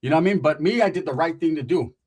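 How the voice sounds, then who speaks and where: A man's voice: fairly high pitch, animated, racing, a little mellow, husky. A man telling a rambling, profane street story in casual slang, full of asides.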